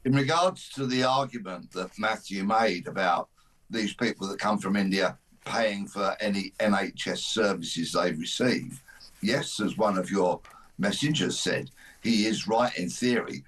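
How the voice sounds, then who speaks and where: A man appearing as a studio guest on talk radio, speaking in a measured, dry and wry way. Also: on the low side, fairly bright tone. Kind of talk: radio discussion.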